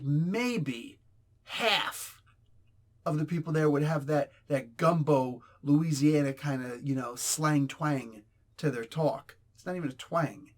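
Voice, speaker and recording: A man reviews a comic book in a blunt, rambling, exasperated rant. His voice sits slightly high for a man. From New Jersey, US. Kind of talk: casual ranting review.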